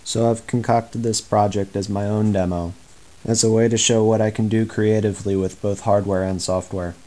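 A high school boy narrates a prepared presentation of his work. His voice sits low and dark, and he keeps a flat, even monotone while explaining technical details step by step. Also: poor audio. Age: teens. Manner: measured, explanatory. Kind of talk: scripted project narration.

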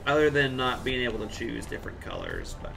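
A man's voice: mid-range voice, huge pitch swings, brisk, gravelly, music in the background. A man from Central Alberta chatting casually on a live game stream, answering chat with jokey asides. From Central Alberta, Canada. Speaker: game livestreamer.

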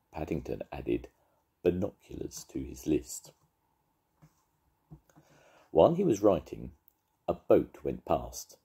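An older man, a grandfather, reading a children's story aloud in a lively, expressive way. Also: extremely low pitch, husky.

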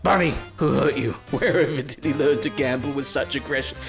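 Gravelly man, mock-dramatic gamer. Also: fairly quick, over music. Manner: mock-dramatic, theatrical scolding with sudden pitch swings. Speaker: gaming YouTuber. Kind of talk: comedic VR gameplay commentary.

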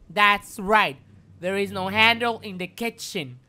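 A woman's voice: mid-range voice, a little slow, sharp tone. A woman streaming a video game live, repeating phrases over and over and chatting to her viewers. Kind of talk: live gameplay commentary.

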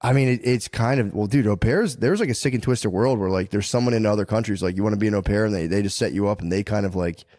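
A man in his thirties with a lowish voice tells rambling, profane stories in casual podcast chat. He keeps breaking into little impressions of people. The recording is close and dry, with no room echo. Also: fast talker, hardly any pauses, darkish tone. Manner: profane storytelling with quoted impressions. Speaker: podcast co-host.

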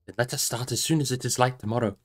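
Man reading as a blunt proud warrior, forceful, wary, mid-pitched male voice. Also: fast talker, lightly acted. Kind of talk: audiobook reading.

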